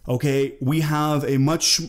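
A Lebanese man hosting a casual reaction video, talking with many pauses, ums and restarts. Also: on the high side, little pitch movement.

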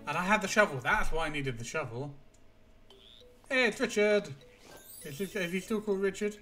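A young man chats through a live game stream, humming little tunes and cursing at enemies. His voice is bright and forceful, sitting slightly high, with faint game music underneath. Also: animated, normal speed. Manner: playful, hums tunes and swears at the game. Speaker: streamer playing a video game. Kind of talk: casual live-stream chat.

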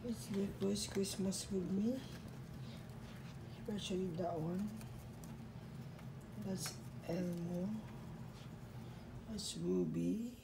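A woman cooing baby talk to her pet hamsters in a high sing-song, dropping to low murmured asides. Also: steady tone, takes it slowly, long pauses, background noise.

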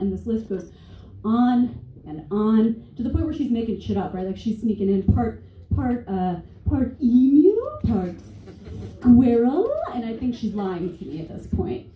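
A woman's voice: mid-range voice, animated, normal speed, mellow. A woman in her twenties doing a stand-up comedy set on stage, sarcastic, profane and conversational. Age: 20s. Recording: echoey room, distant mic, faint noise.

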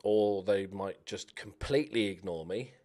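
A young man giving chatty, animated commentary while playing a game, cheering on his players. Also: fairly low pitch, a little slow. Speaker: gaming YouTuber. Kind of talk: casual let's-play commentary.

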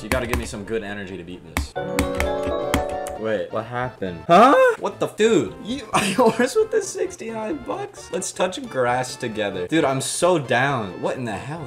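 A young man giving casual, joking commentary while streaming a game, with frequent excited exclamations. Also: on the low side. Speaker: streamer playing a platform game. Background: loud game music.

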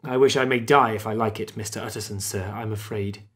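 A man voicing an anxious, dogged Victorian butler, low and uneasy in a husky voice. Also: steady tone, fairly quick, a bit bright, close to an everyday voice.

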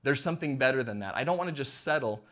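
A man's voice: medium pitch, lively intonation, fast, fairly bright tone. A man preaching a casual online sermon as pastor, conversational and jokey, acting out the lines he quotes.

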